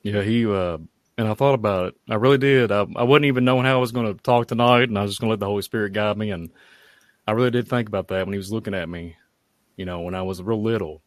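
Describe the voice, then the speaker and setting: A man, giving a halting, heartfelt personal testimony at a prayer meeting. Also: lowish voice, no echo, clean studio sound. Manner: halting, heartfelt, many fillers. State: tearful at times.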